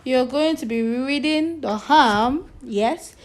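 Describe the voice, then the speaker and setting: A woman's voice: high-pitched, slow. A woman teacher with a Nigerian accent, reading a story aloud to children and spelling words out letter by letter.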